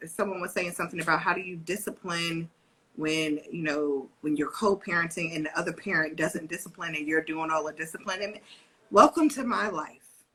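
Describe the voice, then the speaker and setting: Co-host, female, husky, bright tone, lively storyteller on a video call. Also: on the low side, poor audio. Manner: animated storyteller, acts out her daughter's voice. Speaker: co-host and parent educator. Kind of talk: casual live-stream chat.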